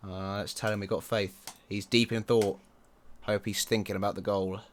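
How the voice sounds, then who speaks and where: A man commenting on his own football management game, excitable and quick to groan or yell at the match. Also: lowish voice, a little hiss or hum. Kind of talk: let's play commentary.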